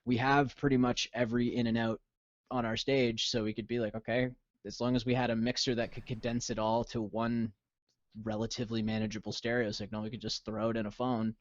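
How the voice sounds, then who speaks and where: Rambling, excited man on a podcast. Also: medium pitch, a little fast, no echo, dull audio. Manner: enthusiastic, rambling, many restarts. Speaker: musician guest. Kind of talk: casual podcast chat.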